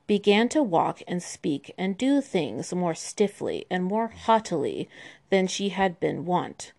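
A woman's voice: lowish voice, creaky, darkish tone. A woman telling medieval history in an irreverent, sarcastic way, with profane asides. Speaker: history podcast host.

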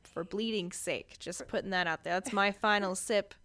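A young woman co-hosting a true-crime podcast, joking loudly and swearing freely in casual chat. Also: medium pitch, normal speed. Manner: loud, profane, joking. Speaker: podcast co-host.

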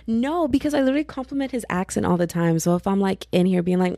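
A young woman from Texas hosting her own podcast in casual, rambling, slangy chat that keeps jumping up in pitch when she gets excited. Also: racing, hardly any pauses, no room sound, studio quality. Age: young adult. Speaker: podcast host.

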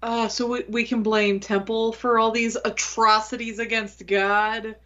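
A woman's voice: on the high side, flat delivery, unhurried, fairly bright tone. A woman co-hosting a casual movie podcast, making wry, teasing remarks. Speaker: podcast co-host. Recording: dull lo-fi sound.

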